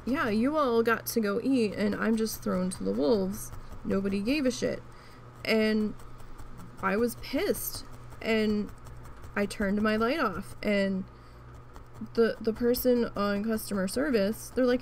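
A woman with a creaky, gravelly edge to her mid-pitched voice tells a story from her working life in a casual, frank way. She talks while crafting, restarting her sentences often. Faint noise sits underneath. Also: a little slow, long pauses. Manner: chatty, frank, with frequent restarts and swearing. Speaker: crafting vlogger.

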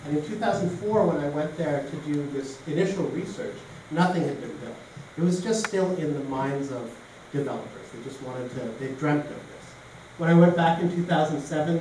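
A man's voice: fairly high pitch, darkish tone. A man from Canada giving an informal public lecture, telling anecdotes along the way. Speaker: guest lecturer. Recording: echoey room from a distance, faint noise.

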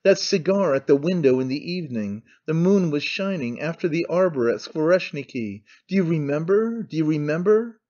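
A domineering aging noblewoman, put on by a male audiobook reader, all scolding commands and sharp outbursts. The voice sits a little high and comes through a dull, lo-fi recording. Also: animated, moderate pace, few pauses. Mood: fierce.

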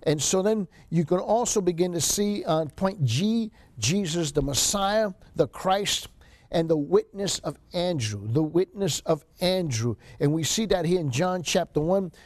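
A male seminary lecturer with a fairly high voice, working through a Bible survey class. He reads scripture passages aloud and hammers key phrases by repeating them, with restarts and fillers along the way. The sound is dry and close, with little room echo. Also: animated, measured pace, darkish tone.

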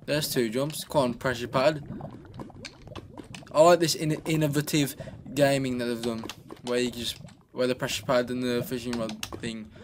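A man's voice: medium pitch, little pitch movement, moderate pace, slight background noise. A man giving casual, joking commentary on his own gameplay, chatting away and talking to himself at a desk microphone. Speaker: gaming channel host.

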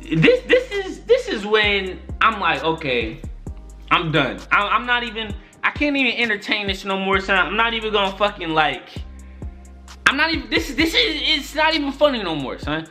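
A young man telling a story-time vlog in an exasperated, profane, animated way. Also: sits high, moderate pace, faint music behind. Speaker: YouTuber.

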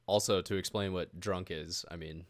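A man hosting a casual podcast chat, relaxed, laughing along and reacting with short remarks. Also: deep voice, moderate pace. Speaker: podcast host.

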